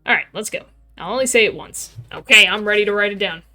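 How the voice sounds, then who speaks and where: A woman streamer playing through a game, chatting casually and reading each line of dialogue aloud in light, playful character voices. Her voice sits at an ordinary middle pitch, with faint game music underneath. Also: fast, pushed and bright.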